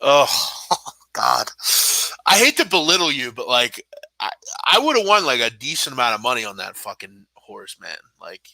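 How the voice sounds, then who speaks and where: A man's voice: mid-range voice, very animated, normal speed, gravelly, sharp tone, no room sound. A young man hosting a live sports betting show, ranting with sarcasm, exasperation and heavy swearing. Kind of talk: live-stream casual rant.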